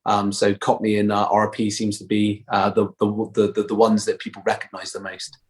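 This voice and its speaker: A man's voice: lowish voice, completely flat delivery, normal speed. A man with a Bristolian English accent, chatting as a guest actor in an interview, full of fillers and restarts. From Bristol, England. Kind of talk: casual interview chat.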